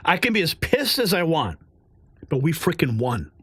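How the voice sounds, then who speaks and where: A man hosts a live online news show in a fired-up, indignant rant. His voice sits on the higher side and he leans into sarcasm and hard emphasis. The sound is dry, with no room echo. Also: big pitch swings, moderate pace, fairly bright tone, husky.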